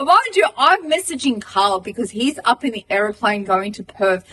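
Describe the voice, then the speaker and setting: A woman's voice: fairly high pitch, normal speed, few pauses, recorded from a distance, a little hiss or hum, rough recording. An Australian woman in her thirties, a podcast co-host, telling a long story in casual chat, swearing and acting out what people said. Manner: animated, swearing, acts out dialogue.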